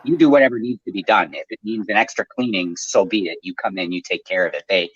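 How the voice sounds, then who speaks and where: Low-voiced man, dull dry sound. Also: fast, fairly bright tone, slightly rough, no room sound. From Canada. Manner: easygoing, explains at length with many fillers. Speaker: aquarium maintenance service owner. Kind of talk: casual podcast chat.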